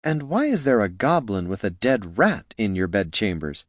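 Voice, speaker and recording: A man voicing a boisterous, tipsy female elf adventurer who talks in a loud, gushing way. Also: fairly low pitch, moderate pace, no echo, studio quality. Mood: dry curious. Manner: loud, gushing, slurred excitement.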